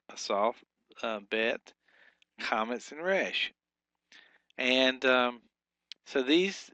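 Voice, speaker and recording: Male teacher, mid-pitched, dry close sound, patient explainer with ums and slow examples. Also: sharp tone, no room sound. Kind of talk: recorded language lesson.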